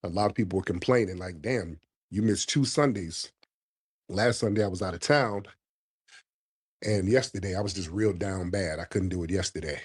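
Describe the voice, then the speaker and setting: A man hosting a casual live stream while hoarse from a cold, talking in slang and calling out to his viewers. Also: sits low, fairly even intonation, a little fast. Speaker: livestream host. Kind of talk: casual livestream commentary.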